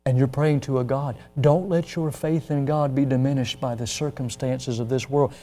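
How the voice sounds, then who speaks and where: A man in his sixties from the United States, a pastor preaching an impassioned sermon, moving from hushed to loud. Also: medium pitch, steady tone, moderate pace.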